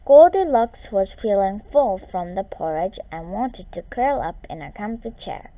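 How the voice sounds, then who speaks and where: A woman reading a children's fairy tale aloud, expressive, with some lines dropped to a whisper. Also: mid-range voice, no room sound. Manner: slow, expressive read-aloud with whispered asides. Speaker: storyteller. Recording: dull lo-fi recording.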